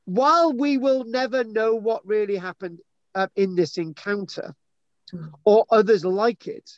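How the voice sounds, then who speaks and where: A man's voice: sits high, unhurried, no room sound. A man hosting a live chat, teasing and rambling as he reads an article aloud. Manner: teasing, rambling, self-mocking. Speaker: host. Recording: dull lo-fi sound.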